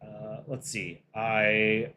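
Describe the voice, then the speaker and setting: A man's voice: fairly low pitch, drawn-out words. Easygoing man hosting a livestream. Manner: relaxed, reads chat aloud and runs polls. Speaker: livestream host and voice actor. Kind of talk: casual livestream chat.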